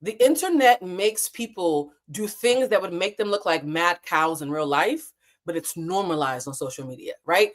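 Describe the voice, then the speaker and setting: Candid woman chatting live, lower voice. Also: normal speed. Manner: candid, animated, swears freely. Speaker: livestream host. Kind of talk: casual livestream chat. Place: hotel room.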